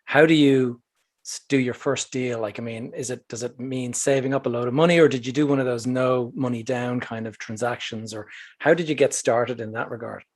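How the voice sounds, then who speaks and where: A man from England hosts a casual interview podcast, asking long, rambling questions in a relaxed way. His pitch sits in the middle for a man. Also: fairly quick. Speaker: podcast host.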